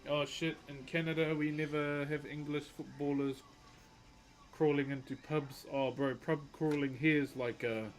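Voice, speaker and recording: A man's voice: a little high, little pitch movement, unhurried. A young man chatting casually on a live stream, laid-back and laughing often. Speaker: livestreamer and wood carver.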